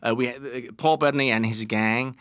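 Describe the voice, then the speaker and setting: Bright-voiced Danish man telling stories. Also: medium pitch, fairly quick, clean tone, no room sound, clean studio sound. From Denmark. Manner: animated anecdotes with many restarts and laughs. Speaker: actor guest. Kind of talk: casual interview storytelling.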